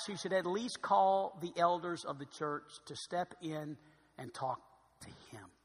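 A man preaching a sermon as pastor, swinging between loud emphatic stretches and quiet asides. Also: on the high side, breathy edge. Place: church sanctuary. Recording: long hall reverb.

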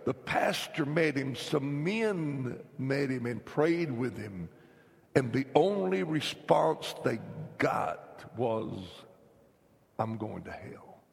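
A man from North Carolina, preaching an emphatic revival sermon that swings between loud, shouted lines and hushed whispers. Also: mid-range voice, lively intonation, slow, gravelly, big-room sound. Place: church sanctuary.

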